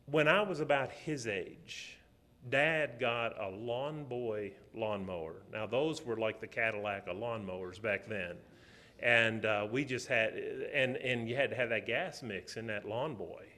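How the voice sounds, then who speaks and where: A middle-aged man preaching a sermon, telling stories, swinging between loud, emphatic passages and quiet, soft ones. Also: mid-range voice.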